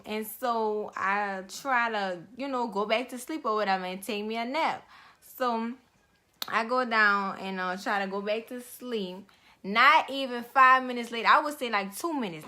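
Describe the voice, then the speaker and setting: Young woman, casual storytime vlog, slangy, fillers, somewhat high voice, bright. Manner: slangy, conversational, lots of fillers. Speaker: YouTuber telling her own story.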